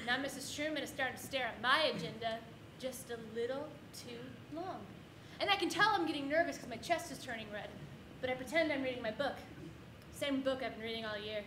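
High-voiced woman telling a comic story. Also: a little fast. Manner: comic, animated, with audience laughter between lines. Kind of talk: live personal storytelling performance. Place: stage before a live audience. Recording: echoey room with background noise.

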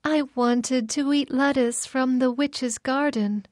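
A woman reading a children's story aloud, voicing a young wife who speaks in a soft, longing way. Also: high-pitched, fairly even intonation, slow, no echo, studio quality. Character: wistful young wife craving lettuce.

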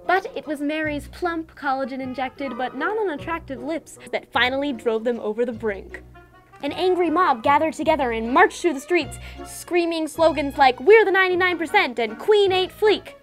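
A young woman hosting and telling a satirical fairy tale in a scripted, deadpan comic style. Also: high-pitched, fairly quick, faint music behind. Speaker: host and storyteller.

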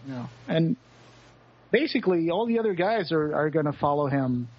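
Man podcast co-host, higher pitch, halting repeated words, muffled lo-fi sound. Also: expressive. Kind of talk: casual book discussion.

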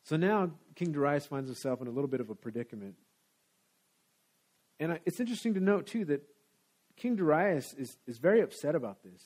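A man's voice: on the high side, expressive, brisk, pauses often, darkish tone. A man preaching a sermon in a church, talking in a conversational, casual way. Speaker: pastor. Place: church sanctuary.

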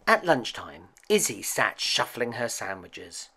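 Man, storybook read-aloud, bright tone, unhurried delivery. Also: fairly low pitch, gravelly, slightly rough. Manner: expressive, playful storytelling. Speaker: children's story reader.

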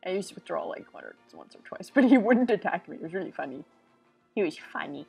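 A woman's voice: lowish voice, sing-song, fast, gravelly, a little mellow, slightly rough, soft background music. Rambling woman doing game commentary. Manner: rambling, silly, talks to herself with sudden outbursts. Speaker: let's play host.

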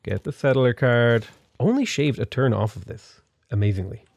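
Joking and growing exasperated, a young man gives animated, casual commentary on a strategy game for his YouTube channel. He speaks at a medium pitch and normal speed with some vocal fry, and there is no room sound.

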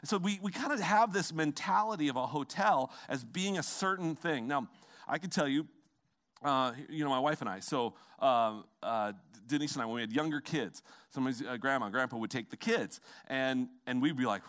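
A man's voice: mid-range voice, expressive, fairly quick, fairly bright tone. A middle-aged man preaching a sermon as pastor, in a conversational style with asides to the congregation. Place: church sanctuary.

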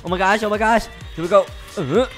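Excitable young man gaming, high voice. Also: very fast, soft background music. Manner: excitable, teasing, keeps exclaiming. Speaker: gaming YouTuber. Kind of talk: playful gaming commentary.

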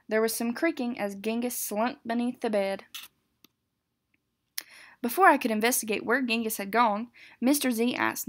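A woman teacher reads a funny picture book aloud in an expressive storytelling voice. Her voice sits fairly high, and she sometimes stumbles and corrects a word. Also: moderate pace. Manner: expressive, with some self-corrections.

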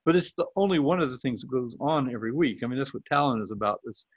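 A man hosts a casual group video call and rambles through his thoughts, often breaking off and restarting mid-sentence. His voice has a middling pitch, and the sound is dry and muffled, with the dull quality of a compressed call. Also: lively intonation, fast, no room sound. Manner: rambling, self-interrupting. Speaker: host and journal editor.

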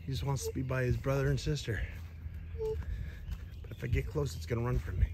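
Excitable chatty man on his farm. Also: mid-range voice, brisk, background noise. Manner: chatty and excitable, swings from loud enthusiasm to quiet mutters. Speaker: vlogger showing his farm and food truck. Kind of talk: casual walk-around vlog. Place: outdoors on a farm with animals.

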